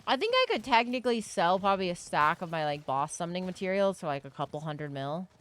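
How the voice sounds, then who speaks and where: A woman's voice: on the low side, very animated, quick pace, a bit bright. A young woman streaming a game, chatting casually and jokingly to herself and her chat, swearing freely. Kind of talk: live gaming stream chatter.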